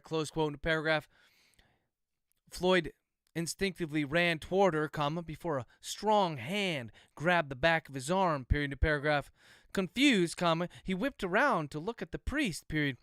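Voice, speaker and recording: A man, an author, dictating his thriller aloud at a steady, methodical pace, speaking the punctuation marks. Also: fairly high pitch, smooth, dry recording, studio quality. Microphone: close livestream microphone.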